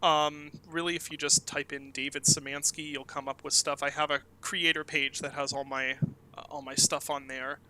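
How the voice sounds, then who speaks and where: A man's voice: a little high, little pitch movement, normal speed, bright, forceful tone, rough recording. A man in his thirties, a game developer, talking casually and at length in an interview, with many fillers and restarts. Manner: talkative, rambling with many fillers.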